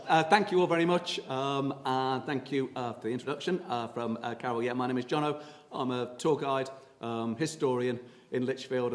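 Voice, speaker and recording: A man gives a history talk to an audience, telling anecdotes in a chatty, halting way with plenty of ums and uhs. His voice sits at an ordinary middle pitch. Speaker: tour guide and historian giving a talk.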